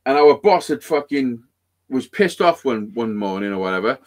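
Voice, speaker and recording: A man's voice: mid-range voice, normal speed. A man telling a rambling, sweary story in casual chat. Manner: rambling, heavy swearing, animated. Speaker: podcast guest storyteller.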